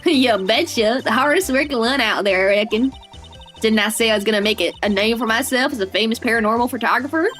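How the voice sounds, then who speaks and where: A woman's voice: fairly high pitch, fast, fairly bright tone, faint music behind, natural voice. A woman voicing a cocky, brash Southern woman photographer with a folksy drawl, reading game dialogue aloud. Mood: proud. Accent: American Southern. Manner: folksy drawl, bold and teasing.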